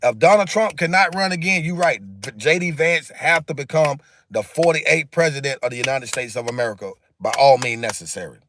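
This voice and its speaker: A man's voice: medium pitch, a little fast, few pauses, fairly bright tone, a little hiss or hum. A man hosting a casual livestream, talking emphatically and repetitively in a preachy way while answering viewer comments. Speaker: livestream host.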